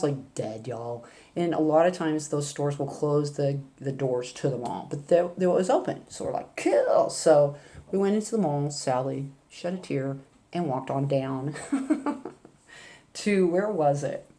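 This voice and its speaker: A woman's voice: low voice, animated, a little slow, warm tone. An older woman vlogging, telling a rambling, chatty story in a casual way. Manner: rambling, chatty, with laughs and asides.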